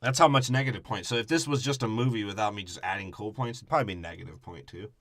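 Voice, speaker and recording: A man's voice: lowish voice, fast talker, fairly bright tone, no echo, clean studio sound. A man co-hosting a casual movie-review podcast, ranting and mocking with heavy profanity. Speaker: podcast co-host.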